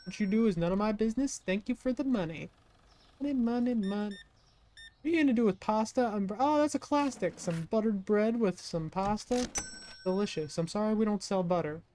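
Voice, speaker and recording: A woman's voice: mid-range voice, expressive, a little fast, mellow, slight background noise. A woman streamer giving casual let's-play commentary, cracking jokes and talking to the customers in the game. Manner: joking, chatty asides to game customers. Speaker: gaming streamer.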